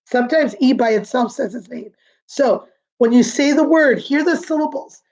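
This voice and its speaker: A woman teaching a remote lesson to young children, patient and sing-song, repeating words slowly. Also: high-pitched, darkish tone, poor audio. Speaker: kindergarten teacher.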